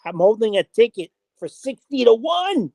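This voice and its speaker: A man being interviewed, telling an animated, casual story full of acted-out dialogue and slang. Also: very high voice, normal speed, dry recording. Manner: animated storyteller, acts out quoted dialogue, frequent "I was like". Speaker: interview guest, horse player.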